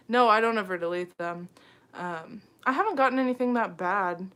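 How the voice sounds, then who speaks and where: A woman's voice: medium pitch, normal speed, fairly bright tone. A young woman hosting a late-night phone livestream, reading viewer comments and chatting casually, giggling often and filling her talk with "um" and "like". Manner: chatty, giggly, heavy on fillers like "um" and "like".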